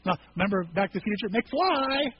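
A man preaching a sermon in a casual, animated way, acting out scripture scenes in quoted voices. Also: sits high, normal speed, breathy edge. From rural farm upbringing. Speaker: pastor. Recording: slightly dull recording with faint noise.

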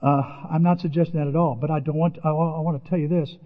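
An older man preaching a sermon in an animated way, jumping in pitch as he acts out the voices he quotes. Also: fast talker. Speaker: pastor. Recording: dull, lo-fi audio with long hall reverb.

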